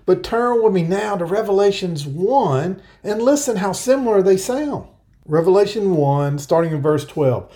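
A man preaching an earnest verse-by-verse sermon, explaining scripture and reading passages aloud slowly. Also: high voice, lively intonation, warm tone. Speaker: pastor. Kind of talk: Bible-teaching sermon.

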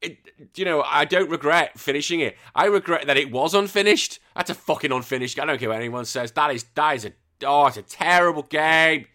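Bright-voiced, excitable man. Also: on the high side, fairly quick, hardly any pauses. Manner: rambling, excitable, swears freely. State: recovering from illness. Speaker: podcast host. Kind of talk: casual chat.

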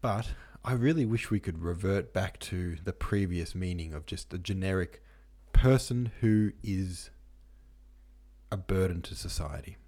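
Deep-voiced guy hosting a book podcast, chatty, lots of ums, kinda musing out loud. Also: a little slow. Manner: reads listener comments and reference passages aloud. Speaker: podcast host. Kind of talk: casual book-club podcast discussion.

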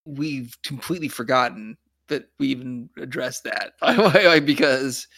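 A man's voice: medium pitch, measured pace, vocal fry, a bit bright, no room sound, clean studio sound. A man co-hosting a casual podcast, talking about a TV show in a rambling way full of "like". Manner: rambling, filler-heavy. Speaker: podcast co-host. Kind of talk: casual TV recap chat.

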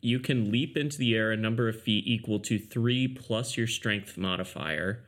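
A man's voice: lowish voice, moderate pace, a bit bright. A man in a tabletop game explaining the rules in a plain, matter-of-fact way. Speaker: player. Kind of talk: casual tabletop game chat.

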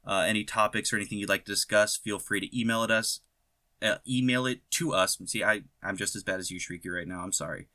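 A man hosting a podcast in casual banter, sarcastic and quick to argue, swearing now and then. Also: lowish voice, steady tone, bright, forceful tone. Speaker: podcast host. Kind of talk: casual chat.

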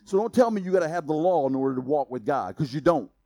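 A man preaching a sermon in a casual, conversational way, laughing at his own asides and swinging between loud emphasis and quiet intensity. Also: on the high side, animated, fast, dry recording. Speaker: pastor.

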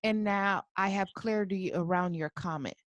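A woman co-host talks earnestly and gently while she questions her guest. Her voice sits at a middle pitch. The recording is close and dry. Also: moderate pace, dry recording. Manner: earnest and gentle, offering soft pushback. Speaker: podcast co-host. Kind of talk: conversational interview.

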